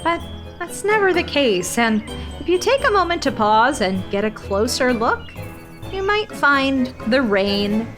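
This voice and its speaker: A woman hosting a podcast and reading a children's story aloud, gentle and clear. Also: high-pitched, big pitch swings, measured pace, music in the background.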